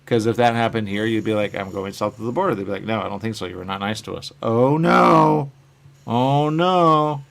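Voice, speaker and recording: A man hosting a live stream, chatting in a rambling, casual way about his comic covers and answering viewer comments, often trailing off quietly at the ends of his phrases. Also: lowish voice, steady tone, racing, creaky, hardly any pauses.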